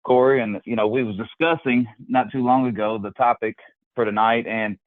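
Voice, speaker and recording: A male podcast guest speaks earnestly over a tinny phone line, and his words often stumble and restart. His voice sits at a middle pitch. The sound is dry, with no room around it. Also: fairly even intonation, moderate pace, dry recording. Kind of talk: casual chat.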